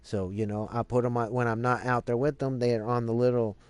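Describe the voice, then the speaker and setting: Male streamer, casual profane storyteller, rambling with fillers, mid-pitched voice, dry close sound. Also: level tone, a little fast, smooth, dry recording. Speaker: live streamer.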